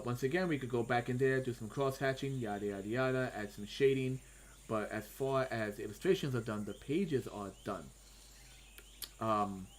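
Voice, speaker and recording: A man and comic artist giving casual livestream commentary, thinking aloud as he draws with frequent pauses and self-talk. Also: mid-range voice. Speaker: comic artist streaming his drawing.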